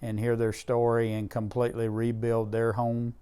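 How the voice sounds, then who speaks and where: A man's voice: mid-range voice, completely flat delivery, moderate pace, mellow, clear, resonant tone. A middle-aged man telling heartfelt stories about disaster relief in an interview. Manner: earnest, emotional storyteller with Southern grammar. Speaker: disaster relief charity leader. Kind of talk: interview storytelling.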